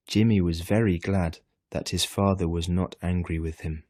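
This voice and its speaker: A man reading a children's story aloud at an unhurried storytelling pace. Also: low-pitched, fairly even intonation, mellow, no room sound, studio quality. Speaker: reader.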